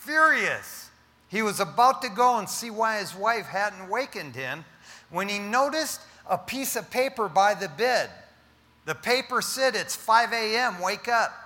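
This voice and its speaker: A man's voice: sits high, big pitch swings, unhurried, sharp tone, big-room sound. A male pastor preaching a sermon, telling jokes with playful asides to the congregation.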